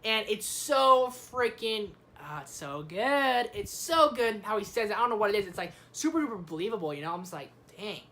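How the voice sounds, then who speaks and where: A young woman giving a casual movie review, excitable and slangy, swearing freely. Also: medium pitch, fairly quick, few pauses.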